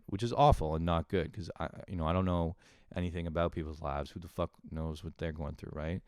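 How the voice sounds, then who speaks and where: A young man with a low, smooth voice talks through a loose, profane podcast monologue. He rambles, pokes fun at himself and laughs often. The sound is close and dry. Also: steady tone, fast, darkish tone, dry recording. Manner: rambling, profane, self-deprecating, with frequent laughs. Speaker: podcast host. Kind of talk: casual solo podcast monologue.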